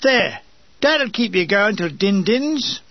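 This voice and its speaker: A woman's voice: medium pitch, sing-song, slow, dry recording, dull audio, heavily acted. A man voicing a small, skinny aging woman who speaks in a wavery Cockney accent and is chatty and motherly. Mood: chirpy. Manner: chatty, motherly, calls people darling.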